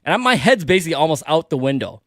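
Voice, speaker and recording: Male radio co-host, animated storyteller, slightly high voice, dry close studio sound. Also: rapid-fire, dry recording. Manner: animated storyteller, acts out quotes with big pitch jumps. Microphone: studio microphone.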